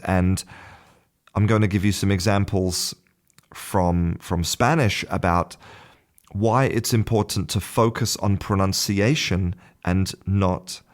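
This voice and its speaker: A man hosting an English-learning podcast, explaining a study in a solo talk and often repeating words while finding his phrasing. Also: low voice. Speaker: podcast host and English teacher.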